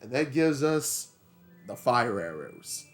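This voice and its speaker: A man talks through his gameplay in a relaxed, chatty way and weaves a personal anecdote in between moves. His mid-range voice swings up and down with plenty of life. Soft game music plays underneath. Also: mid-range voice, takes it slowly. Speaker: let's play host. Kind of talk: casual gameplay commentary with storytelling.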